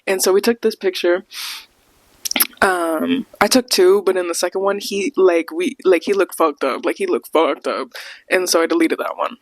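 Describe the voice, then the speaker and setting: A woman's voice: lowish voice, normal speed, no echo. A young woman hosting a podcast, telling a casual storytime with lots of laughs and acted-out quotes. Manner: animated, laughs often, acts out quotes. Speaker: podcast host.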